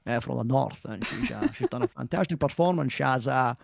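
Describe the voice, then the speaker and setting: A man's voice: mid-range voice, expressive, brisk, vocal fry, no room sound, clean studio sound. A man doing a hammy film-star presenter. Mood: mock-grand. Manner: hammy, mock-grand, stumbling. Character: grand male award-show presenter, slushy Scottish film-star drawl.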